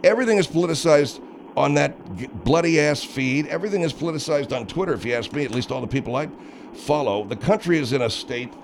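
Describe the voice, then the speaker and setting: An exasperated male radio host who trades insistent comic banter with a co-host. His voice is gravelly and sits fairly high. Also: expressive, quick pace, a little hiss or hum. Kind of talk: comedic talk radio banter.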